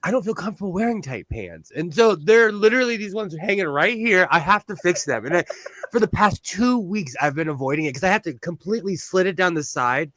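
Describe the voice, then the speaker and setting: A man's voice: high voice, lively intonation, fairly quick, fairly bright tone, no room sound. A man hosting a casual chat, rambling and self-deprecating. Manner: rambling, self-deprecating, many fillers and restarts. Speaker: host. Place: home sewing room. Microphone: on-camera shotgun mic.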